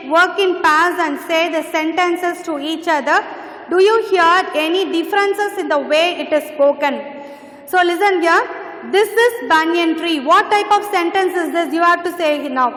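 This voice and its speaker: A woman's voice: very high voice, a bit bright. A woman teaching an English grammar lesson, patiently repeating phrases as she explains. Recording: echoey room with long reverb.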